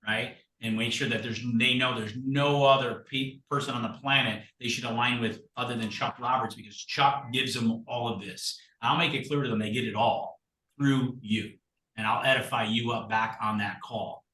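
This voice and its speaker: A man guest in casual chat, telling stories in an animated, blunt and salty way. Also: medium pitch, moderate pace. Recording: roomy sound from far off the mic.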